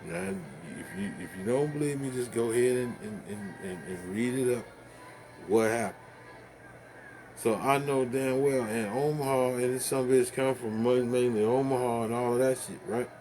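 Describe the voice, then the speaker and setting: A man's voice: medium pitch, normal speed, music in the background. A man ranting casually to the camera, rambling and profane, stumbling over fillers and laughing at his own jokes.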